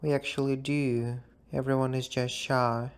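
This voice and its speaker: A group chat member talking casually in a voice message, explaining things in an unhurried, offhand way. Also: mid-range voice, little pitch movement, smooth.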